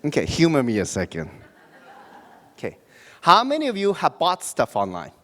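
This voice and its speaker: A man's voice: fairly high pitch, huge pitch swings, moderate pace, a bit bright. A man in his forties from Hong Kong giving a joking motivational talk to an audience, asking them questions. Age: 40s. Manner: joking, asks the audience questions, frequent restarts and fillers. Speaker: motivational speaker at a business event. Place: large hall before an audience. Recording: reverberant hall.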